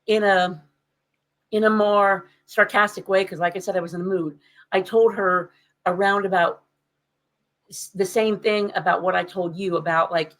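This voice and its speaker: Woman chatting, tells stories with lots of punch, pitch jumps up when she gets heated, mid-range voice. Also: normal speed, rough recording. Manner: animated, emphatic storytelling. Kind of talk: casual chat.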